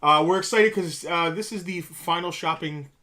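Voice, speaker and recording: A man's voice: a little high, a crowd in the background. Joking man co-hosting a live stream. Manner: joking, loose, quick banter. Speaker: co-host of a toy shop live stream. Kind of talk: casual live-stream chat.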